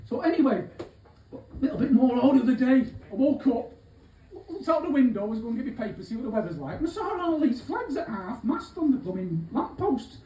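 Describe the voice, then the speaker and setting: A cheeky, rambling old-school crook, as a man puts him on for a live comedy set, full of swearing and asides in a mellow voice. He sounds far from the mic in an echoey room with faint hubbub behind. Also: very high-pitched, big pitch swings, fairly quick. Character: aging small-time male Manchester thief, cheeky. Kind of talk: live stand-up character monologue. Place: pub gig venue.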